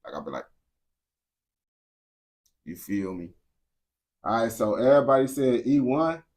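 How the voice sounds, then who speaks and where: A man's voice: mid-range voice, very animated, unhurried, a little mellow. A young American man streaming to his chat, talking bluntly in heavy slang, often restarting and repeating words. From United States. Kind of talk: casual unscripted rant to viewers.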